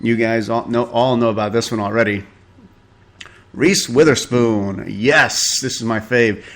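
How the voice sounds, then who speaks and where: A man's voice: medium pitch, steady tone, a little slow, fairly bright tone. Male podcast host, casual gossip commentary, sarcastic, swears freely, chuckles a lot. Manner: sarcastic, profane, chuckling often.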